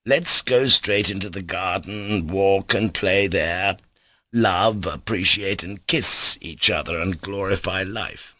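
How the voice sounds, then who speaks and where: A man voicing a gentle, tender young man who is dying, speaking in soft, caressing words. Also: sits low, slow pace, dry recording, heavily acted. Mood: tender, joyful.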